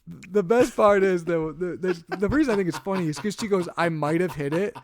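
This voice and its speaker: A young adult man co-hosting a podcast, telling a travel story in casual chat and growing animated and exasperated as it goes. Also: fairly quick. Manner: animated storytelling, gets louder and higher when exasperated. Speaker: podcast co-host.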